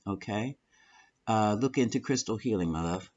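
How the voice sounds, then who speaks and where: Animated, effusive male tarot reader. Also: on the low side, moderate pace, dull audio, a little hiss or hum. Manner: animated, effusive, affectionate terms like honey and my love. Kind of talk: tarot reading video.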